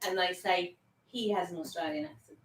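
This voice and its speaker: A woman's voice: lowish voice, fairly quick, roomy sound, a little hiss or hum, poor audio. A woman with a Norfolk accent, chatting and teasing as co-host of a live chat. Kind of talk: casual live-stream chat.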